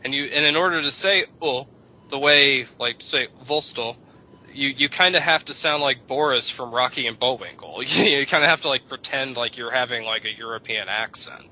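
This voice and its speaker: At a medium pitch and moderate pace, a man with a pushed, bright voice chats on the radio about English vowel history. He rambles and lectures, tossing in casual curses, all on a low-quality recording.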